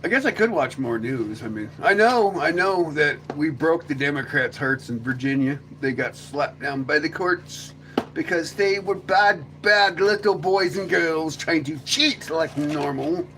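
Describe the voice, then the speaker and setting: A man's voice: on the high side, unhurried, background noise. A man hosting a casual livestream chat, rambling and joking, often slipping into silly voices. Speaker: livestream host.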